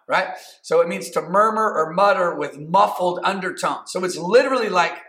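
Fairly high-voiced preacher in echoey room. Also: male voice, normal speed, few pauses, fairly bright tone. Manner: conversational preaching with many fillers and restarts. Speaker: pastor. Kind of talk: sermon.

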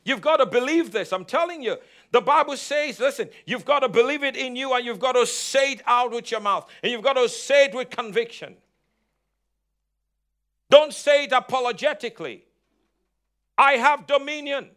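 Male pastor, very high pitch, emphatic repetitive sermon delivery, call-and-response. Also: expressive, moderate pace, fairly bright tone. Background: congregation answering amen.

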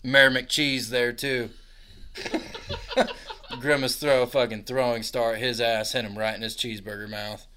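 A man on a podcast improvising a crude comedy story in deliberately broken grammar, laughing along. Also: mid-range voice, sing-song, a bit bright. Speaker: podcast co-host.

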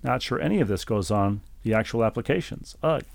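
A man's voice: fairly low pitch, lively intonation, brisk, vocal fry, dry recording. A man co-hosting a podcast, reading listener emails aloud with dry, wry asides in casual chat.

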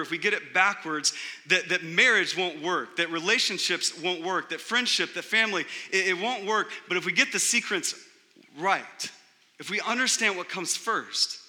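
A middle-aged man, a pastor, preaching a sermon in a casual, animated way, often saying "like" and "right?". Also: fairly high pitch, big-room sound.

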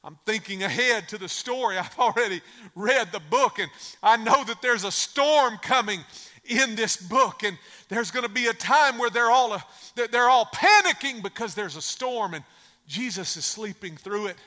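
Brief: male pastor, high bright voice, emphatic storytelling with repeated refrains, long church-hall reverb. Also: normal speed. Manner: emphatic, repeats phrases for effect. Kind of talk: sermon with storytelling.

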